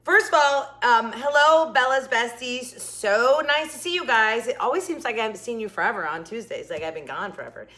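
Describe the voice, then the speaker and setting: Tired, chatty woman vlogger, higher voice. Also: expressive, a little fast, few pauses, bright, forceful tone. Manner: rambling, talkative, many asides. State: exhausted. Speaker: craft channel host. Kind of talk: chatty storytelling vlog.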